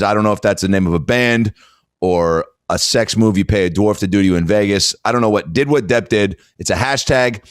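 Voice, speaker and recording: A man's voice: sits low, no room sound, studio quality. A male podcast host chatting casually with a guest, joking and laid-back.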